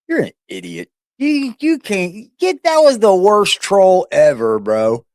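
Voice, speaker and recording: Middle-aged man, livestream host, brash and mocking, slow delivery, somewhat high voice. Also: wildly swooping pitch, a little mellow, no echo, studio quality. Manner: brash, mocking, laughs often. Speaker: livestream host reacting to videos. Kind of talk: casual profane livestream chat.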